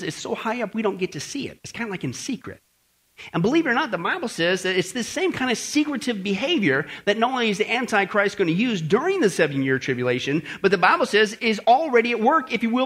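A man preaches a prophecy sermon in an emphatic, animated style, often checking in with "okay?" and throwing in mocking asides. His voice sits high.

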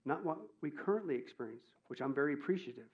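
A man delivers a sermon in a high voice, playful and animated. He jumps between loud bursts and hushed, drawn-out asides. The recording sounds dull and lo-fi. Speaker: pastor.

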